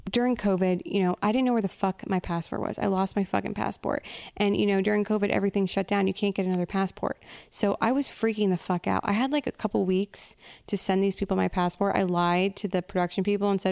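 A woman's voice: medium pitch, fairly even intonation, a little fast, gravelly, darkish tone, clean tone. A young woman hosting a podcast, ranting in a blunt, profane, oversharing comic monologue. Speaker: podcast host. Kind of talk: comedic solo rant.

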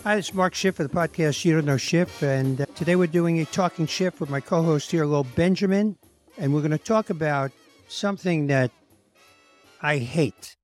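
A man's voice: on the high side, normal speed, music in the background. A man hosting a podcast, telling self-deprecating comic stories in a wry, conversational way and acting out what others said to him. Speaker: podcast host. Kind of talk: comedic conversational storytelling.

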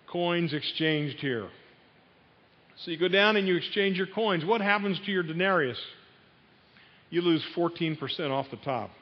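Guy preaching a sermon, kinda high voice, muffled lo-fi recording. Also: moderate pace. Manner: storytelling, asks the audience questions. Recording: dull sound in a long-reverb hall.

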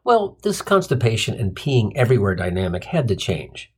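A man's voice: lowish voice, sing-song, normal speed, slightly rough. A man hosting a comic storytelling podcast, telling a sardonic, rambling monologue full of tangents and crude punchlines.

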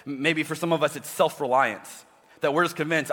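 A man's voice: a little high, fairly even intonation, fairly quick, sharp tone. A man preaching a sermon as a pastor, talking conversationally with frequent restarts. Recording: long reverb with faint music.

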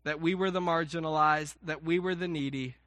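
Bright-voiced pastor preaching in a dry room. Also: male voice, a little high, fairly even intonation, fairly quick, no room sound. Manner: conversational preaching with self-mocking asides and acted-out quotes. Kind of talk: sermon.

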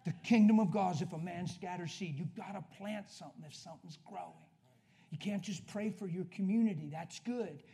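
A man preaching a sermon, telling a story and acting out both sides of a conversation, swinging from hushed talk to loud, emphatic preaching. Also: high voice, a little fast, creaky.

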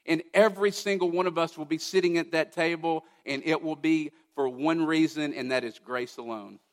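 A man preaching a sermon, emphatic, asking rhetorical questions and swinging from loud to hushed. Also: on the high side, fairly even intonation, normal speed, in a large hall. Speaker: pastor.

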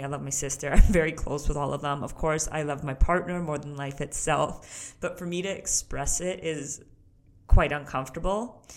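A young woman hosting a solo podcast, talking candidly and directly to the listener and laughing often. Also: sits low. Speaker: podcast host. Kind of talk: casual solo podcast talk.

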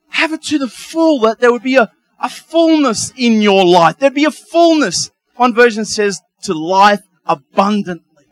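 Pastor, male, middle-aged, high-pitched and lively, chuckles through homely asides in his sermon. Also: unhurried, dry recording, rough recording.

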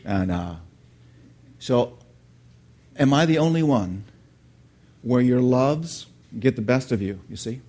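Speaking slowly at medium pitch and pausing often, a middle-aged man delivers a sermon as a pastor. Along the way he puts questions to the congregation while recounting a lively story from his childhood.

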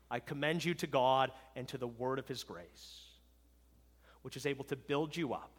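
Emphatic pastor in a reverberant hall. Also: male voice, fairly high pitch. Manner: emphatic, swinging from loud to hushed; checks in with "right?" and "okay?". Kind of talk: farewell sermon. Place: church sanctuary. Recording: long reverb of a large hall.

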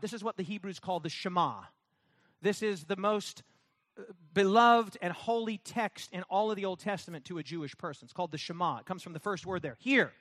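A man's voice: high voice, fairly bright tone, no echo, clean studio sound. A man preaching a sermon, emphatic and repetitive, calling on the congregation to repeat words and mocking opponents with sarcastic voices. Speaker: pastor.

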